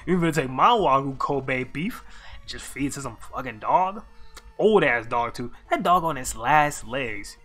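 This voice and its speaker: A male streamer retells a story in an excitable, profane rant full of slang. His voice swoops widely up and down as he gets worked up. Faint music plays underneath. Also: mid-range voice, moderate pace. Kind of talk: animated storytelling commentary.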